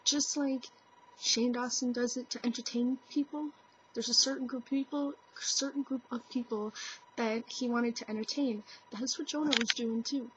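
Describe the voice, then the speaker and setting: A woman's voice: fairly high pitch, steady tone, normal speed, a little hiss or hum. A young woman talking earnestly into her camera in a casual opinion vlog, full of "like" and "you know". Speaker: vlogger. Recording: dull lo-fi webcam audio.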